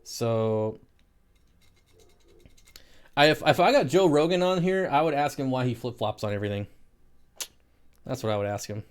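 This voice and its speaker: A man's voice: medium pitch, normal speed, pauses often, smooth. Casual man hosting a live stream. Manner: chatty, answers viewer comments with frequent laughs. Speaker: aquarium live stream host.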